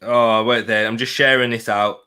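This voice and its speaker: A man's voice: medium pitch, level tone, moderate pace, sharp tone, clean tone. A man hosting a live football watch-along, talking in an exasperated, rambling way and repeating himself.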